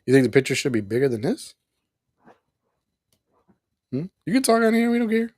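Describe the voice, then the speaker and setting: A man's voice: a little high, very animated, normal speed, a little mellow. A man hosting a casual live review stream, easygoing, laughing often and acting out characters' lines as he recaps. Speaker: host reviewing a cartoon episode.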